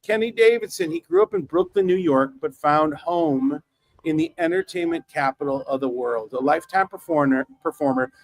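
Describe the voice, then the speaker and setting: High jokey podcast guy from wisconsin, gravelly edge, swoops around a lot. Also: wildly swooping pitch, moderate pace, poor audio. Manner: showman-like, jokey. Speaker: podcast co-host and producer. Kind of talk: casual banter with emcee-style introductions.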